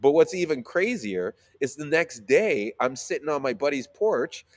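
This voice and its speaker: A man telling a story in casual chat, animated, swearing freely and using lots of fillers. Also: fairly high pitch, moderate pace. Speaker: sea moss seller.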